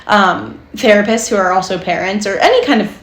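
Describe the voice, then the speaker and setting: A woman's voice: mid-range voice, expressive, a little fast. A woman co-hosting a podcast as a therapist, chatty and laughing often in casual conversation. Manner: chatty, laughs often, acts out little quoted voices. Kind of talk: casual chat. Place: enclosed room. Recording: roomy echo with faint background noise.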